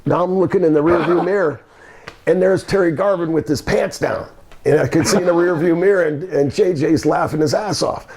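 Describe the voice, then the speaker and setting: A man's voice: on the high side, brisk, darkish tone, slightly rough. An older man, a former wrestler, telling rambling anecdotes with laughter in a shoot interview. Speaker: guest, former pro wrestler.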